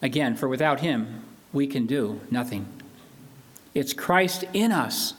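A man's voice: medium pitch, lively intonation, slow pace, breathy edge. An older man preaching a sermon as pastor, earnest and emphatic, repeating key phrases.

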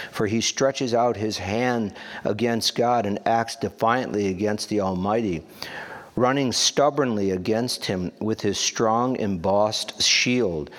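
A man teaching a Bible study, reading scripture aloud and then explaining it in a halting, conversational way. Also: medium pitch. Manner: slow, halting, conversational asides.

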